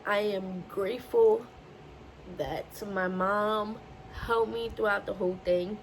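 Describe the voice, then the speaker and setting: A woman's voice: mid-range voice, takes it slowly, slight background noise, rough recording. A young woman vlogger telling a personal story in a casual, emotional way, often repeating herself as she recounts it. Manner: emotional, repetitive retelling.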